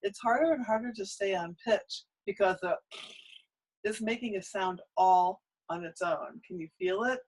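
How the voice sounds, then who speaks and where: Breathy woman coaching a voice lesson. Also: medium pitch, moderate pace, a little mellow, poor audio. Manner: encouraging, cueing exercises with short prompts. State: out of breath between exercises. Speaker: singing teacher. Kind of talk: voice lesson with vocal exercises.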